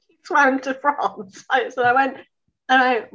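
A woman in her fifties, a sewing school owner, telling a story in a lively way, acting out dialogue and laughing. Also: high voice, moderate pace, dull audio. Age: 50s. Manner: animated, laughing, acts out dialogue. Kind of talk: casual storytelling.

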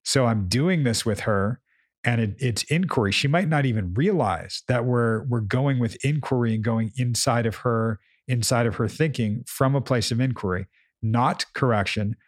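A man's voice: mid-range voice, moderate pace, dry recording, studio quality. A man co-hosting a casual chat, explaining his coaching approach emphatically and often repeating words as he thinks. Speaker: podcast co-host, coach.

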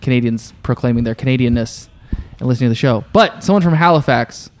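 A man's voice: mid-range voice, quick pace. A man co-hosting a podcast who chats casually and tosses off dry, sarcastic jokes. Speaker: podcast co-host. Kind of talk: casual chat.

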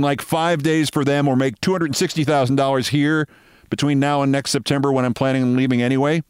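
A man's voice: mid-range voice, steady tone, fairly quick, clean tone, no room sound, studio quality. A middle-aged man hosting a show, telling a long story in a wry, sardonic way and acting out both sides of the conversation. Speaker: host. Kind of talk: storytelling monologue.

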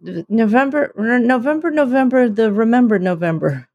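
A woman's voice: fairly high pitch, expressive, normal speed, darkish tone, dry recording, studio quality. A woman co-hosting a casual comedy chat, playful and giggly, who often trips over her words. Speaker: podcast co-host.

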